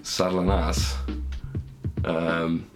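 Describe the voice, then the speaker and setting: A hungover man, co-hosting a podcast, reading scripture slowly and stumbling, laughing and swearing casually between verses. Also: low-pitched, monotone, music in the background. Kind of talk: casual chat and slow halting reading.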